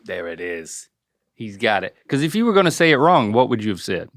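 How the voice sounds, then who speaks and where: Brisk and sing-song with some vocal fry, this man in his forties has a low, slightly bright voice. As a podcast co-host in a casual chat, he playfully coaches his dad on pronunciations and spells words out letter by letter.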